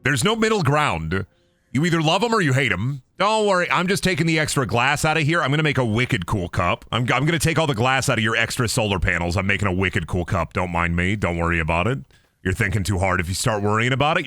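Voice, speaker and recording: A young man rambles through his game stream in a goofy, joking way. His pitch bounces around a lot and he often breaks into silly high voices. The tone is bright and forward, recorded close and dry with no room sound. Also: expressive, fast talker, no echo. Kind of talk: casual gameplay commentary.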